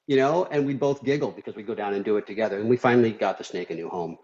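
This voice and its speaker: A man's voice: on the low side, very fast, few pauses, a little mellow. A middle-aged man from Minnesota, a surgeon guest on a podcast, talking candidly and rambling with many "you know" fillers. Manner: rambling, frequent "you know" fillers, laughs while telling stories. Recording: slightly dull lo-fi audio.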